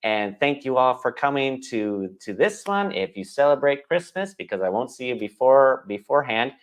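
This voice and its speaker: A man's voice: medium pitch, big pitch swings, normal speed, smooth. A man teaching a live-streamed English lesson, chatty and thinking aloud as he explains pronunciation.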